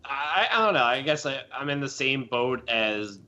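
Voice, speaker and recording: A man appearing as a podcast guest, hesitant in his speech and prone to dry, deadpan jokes. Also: mid-range voice, moderate pace, lo-fi sound. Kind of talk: casual chat.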